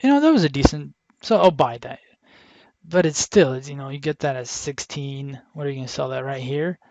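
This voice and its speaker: A man's voice: mid-range voice, lively intonation, brisk, a little mellow, dry recording. A young man talking through his trades in a casual, rambling way, full of restarts and quoting his own thoughts. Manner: rambling, frequent restarts and self-quotes. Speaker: day trader vlogger. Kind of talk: casual screen-share commentary.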